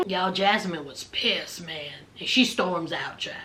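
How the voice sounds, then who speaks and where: A woman's voice: lowish voice, takes it slowly, few pauses, sharp tone. A woman giving a sassy, dramatic gossip recap of a reality TV episode, calling her viewers honey and y'all.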